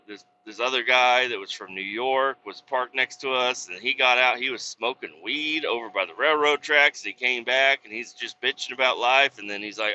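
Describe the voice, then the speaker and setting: A man's voice: medium pitch, pushed and bright. A man, a truck driver, telling a long, rambling, profane story in casual, exasperated chat. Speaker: podcast host, truck driver. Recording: dull lo-fi with faint noise.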